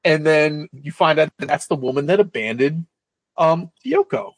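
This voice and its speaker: A man retells a film's story in a loose, rambling way, with a slightly raised pitch and freely dropped swear words. The sound is dry and close, with little room around it. He talks like a co-host chatting casually. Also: lively intonation, moderate pace, dry recording. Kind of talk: casual film recap chat.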